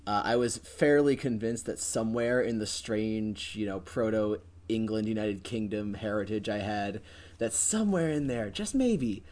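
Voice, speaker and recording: A man's voice: lowish voice, measured pace, a little mellow. A man co-hosting a podcast in casual chat, joking and hesitating with trailing fillers. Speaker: podcast co-host.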